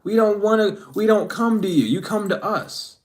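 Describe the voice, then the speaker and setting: A man's voice: high-pitched, normal speed. Blunt, profane man giving a reading. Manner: blunt, profane, rambling with restarts. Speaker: spiritual reader. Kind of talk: casual spiritual reading monologue.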